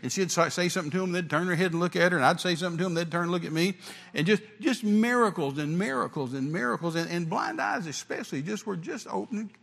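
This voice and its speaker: A man's voice: sits high, lively intonation, quick pace, vocal fry, a bit bright. An older man, an evangelist preaching a sermon full of stories, emphatic and repetitive, with stammering restarts. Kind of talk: sermon storytelling. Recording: long reverb of a hall.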